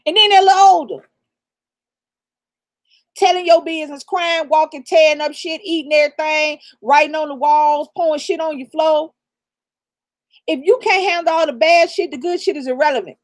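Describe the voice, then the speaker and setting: Speaking at normal speed with frequent pauses, this woman has a high-pitched voice and fairly even intonation. A middle-aged channel co-host raised in the American South, she gives blunt, profane, preachy real talk on a casual live stream, laughing as she advises.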